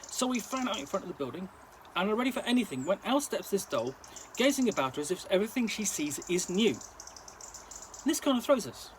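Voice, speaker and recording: A man reading a story aloud in lively, slangy storyteller fashion, now and then stumbling over words. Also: high voice, fairly quick, a little hiss or hum, rough recording. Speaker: reader. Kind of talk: story reading in a present-tense gangster-slang voice.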